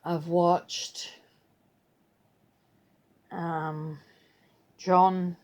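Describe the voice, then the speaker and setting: An older woman chatting in an easygoing, rambling way. She talks at a slow, unhurried pace and breaks into playful voices whenever she repeats what someone said. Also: lowish voice, level tone, darkish tone. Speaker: vlogger. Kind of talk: casual chat.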